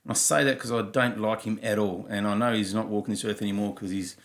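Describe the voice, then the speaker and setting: A man in his fifties, originally from Germany, co-hosting a podcast and telling stories in a blunt, animated way, swearing freely. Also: fairly low pitch, quick pace. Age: 50s. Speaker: podcast co-host. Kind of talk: casual storytelling chat.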